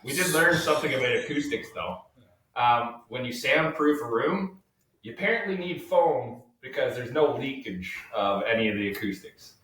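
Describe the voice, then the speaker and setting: A man's voice: medium pitch, animated, moderate pace, fairly bright tone. A man in a band, chatting wryly and joking as a guest. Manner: wry, joking. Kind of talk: casual chat. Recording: roomy, distant mic, faint noise.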